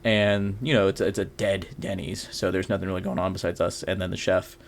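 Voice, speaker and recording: A young man co-hosting a podcast, telling a story in a casual, animated way, laughing often and acting out the people in it. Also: low voice, a little fast, slight background noise. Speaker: podcast co-host.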